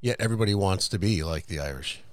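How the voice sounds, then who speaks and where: A man's voice: low voice, fast talker. A man co-hosting a podcast in casual chat, joking and laughing at his own jokes. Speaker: podcast co-host.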